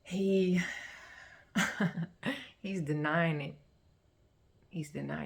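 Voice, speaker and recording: Low-voiced woman telling a vivid testimony. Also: normal speed, pauses often. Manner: animated, colloquial, acts out scenes with sharp pitch jumps. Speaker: vlogger sharing a faith testimony. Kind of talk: emotional personal testimony storytelling.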